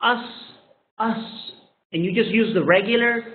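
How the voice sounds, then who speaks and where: A high-pitched, unhurried man whose first language is Spanish gives an English pronunciation lesson, drilling single sounds and repeating each one several times. The audio sounds tinny, like a phone, in an echoey room.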